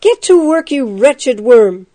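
A woman voicing an angry male prison guard who barks and shouts his orders. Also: fairly high pitch, lively intonation. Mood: furious. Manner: barking, loud, drawn-out shouts.

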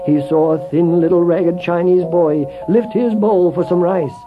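A man narrating a children's story in an expressive voice that swells with feeling. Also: high voice, unhurried. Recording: tinny phone-like with faint music.

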